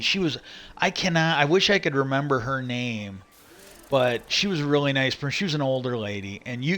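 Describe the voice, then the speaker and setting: A man's voice: mid-range voice, bright, forceful tone. A man casually telling a long story about his old job, rambling and quoting himself with "I go". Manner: rambling, restarts, quotes himself with "I go". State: a little lightheaded. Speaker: livestream host. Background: music.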